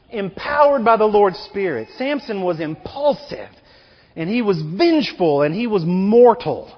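Male preacher, animated storytelling, high lively voice, dull lo-fi sound, long hall reverb. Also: moderate pace. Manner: animated storytelling, slangy paraphrase of scripture. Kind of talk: sermon.

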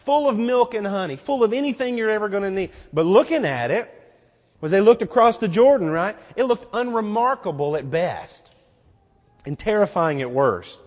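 Animated preaching man in a reverberant church. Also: high-pitched, moderate pace. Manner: animated preaching with rhetorical questions. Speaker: pastor. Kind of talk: sermon. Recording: muffled recording with long hall reverb.

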